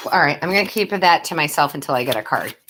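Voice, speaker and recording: A woman's voice: low-pitched, expressive, normal speed, a bit bright, a little hiss or hum. A woman giving tarot readings on a live stream, who chats with her viewers, calls them love and sweetheart, and laughs often. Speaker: tarot reader and medium.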